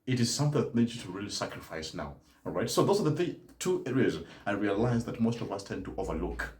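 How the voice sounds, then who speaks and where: A man's voice: fairly low pitch, big pitch swings, fast talker, darkish tone. Emphatic man, roomy sound. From Kenya. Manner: emphatic, tags statements with "right?". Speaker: German teacher. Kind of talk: live-stream talk to learners.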